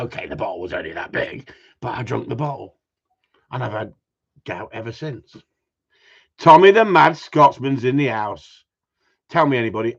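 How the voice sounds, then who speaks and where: A man chats to his livestream audience in a joking, teasing way, laughing often between lines. His voice sits at a middle pitch for a man. The stream audio sounds dull and lo-fi. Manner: joking, banters with chat, frequent laughs. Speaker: livestream host. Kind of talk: casual livestream chat.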